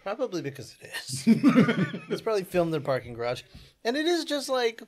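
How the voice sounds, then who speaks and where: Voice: mid-range voice, big pitch swings, a little fast. A podcast co-host tossing out joking asides in casual banter. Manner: joking asides and mock quotes.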